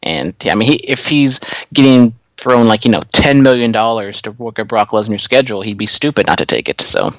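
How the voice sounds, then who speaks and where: A man's voice: on the low side, lively intonation, brisk, few pauses, dry recording, low-quality recording. Loose, rambling podcast co-host man. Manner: loose, tangent-prone, lots of fillers. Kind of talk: casual podcast chat.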